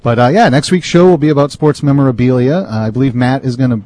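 A man's voice: medium pitch, fairly even intonation, quick pace, dark tone. A man hosting a casual radio chat, upbeat as he announces show details. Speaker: show host.

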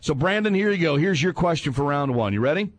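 A man hosting a fill-in-the-blank game on a sports talk show, playful and reading the prompts out slowly. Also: on the high side, animated, no echo. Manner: playful, reads prompts slowly and judges answers. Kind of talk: casual radio sports chat.

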